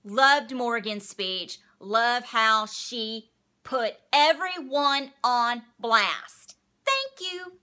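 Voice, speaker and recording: A woman's voice: a little high, drawn-out words, pushed and bright. A young woman hosting a casual recap vlog, talking in a sarcastic, exasperated way and swearing freely. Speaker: vlog host recapping a reality show.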